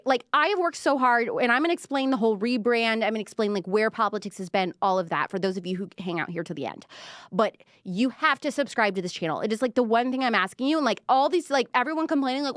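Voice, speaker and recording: A woman hosts a live pop culture show, chatting sarcastically with lots of filler words while sounding out of breath. Her voice is a little high and fast, and the recording is dry with clean studio sound.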